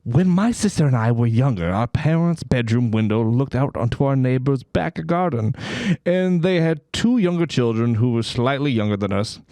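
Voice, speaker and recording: A man's voice: medium pitch, animated, moderate pace, few pauses, dark tone, no echo. A man co-hosting a comedy podcast, reading stories aloud with vigor, laughing and swearing as he goes. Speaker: podcast co-host.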